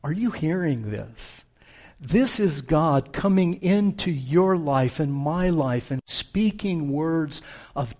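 A middle-aged male pastor preaching a sermon earnestly, dropping to a hush for tender quotes and rising with force to make his points. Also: on the high side.

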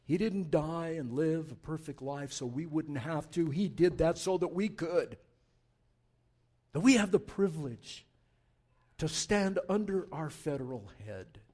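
A man preaching in a church, rising into loud, urgent appeals and then falling to a quiet, hushed tone. His voice sits a little high for a man, and he speaks slowly and deliberately. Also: expressive. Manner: impassioned preaching, swinging from loud urging to hushed prayer. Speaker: pastor. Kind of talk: sermon.

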